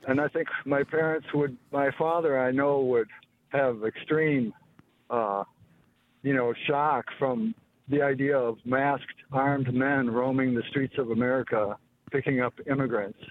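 A man's voice: mid-range voice, steady tone, a little slow, slight background noise. A man calling in to a radio show, speaking hesitantly and thoughtfully. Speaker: caller. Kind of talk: radio call-in. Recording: tinny phone line.

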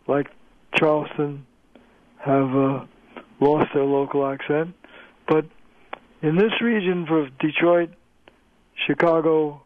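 An older man, a linguist, explaining things in a measured lecturing way during a phone-in radio interview. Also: a little high. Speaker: linguist guest. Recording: tinny phone line.

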